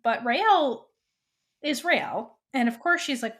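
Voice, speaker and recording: Animated woman recapping a TV episode. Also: high voice, a little slow. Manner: animated retelling, quoting characters with many likes. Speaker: podcast co-host.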